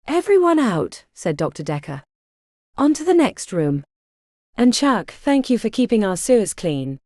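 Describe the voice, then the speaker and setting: A woman's voice: mid-range voice, very animated, moderate pace, darkish tone, no echo, studio quality. A woman reading a fantasy novel aloud as an audiobook narrator, shifting her voice a little for each character.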